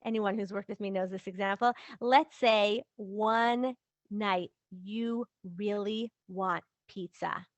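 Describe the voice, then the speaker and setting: Speaking slowly in a mid-range voice with no echo, a woman hosts a relationship-coaching podcast. Her advice is casual and lively, and she performs quoted everyday examples in little voices.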